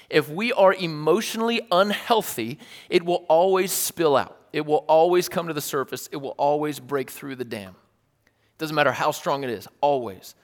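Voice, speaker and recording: A man preaching a casual, earnest sermon with a slightly raised pitch. His delivery is animated, with wry little asides. The sound carries a long hall reverb. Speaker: pastor.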